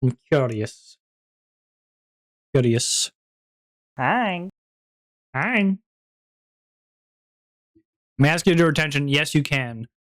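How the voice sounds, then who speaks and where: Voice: medium pitch, animated, slow, long pauses, fairly bright tone, no echo, clean studio sound. A streamer in casual stream chat, playful and rambling, with frequent giggles, talking into a home streaming mic.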